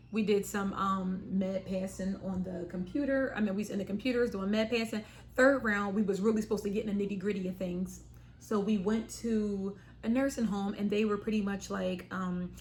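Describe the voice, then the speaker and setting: A young adult woman telling a personal story to camera in casual chat, animated and acting out what she and others said. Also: medium pitch, a little fast, a little hiss or hum. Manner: animated, acts out quotes of herself and her sister. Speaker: vlogger.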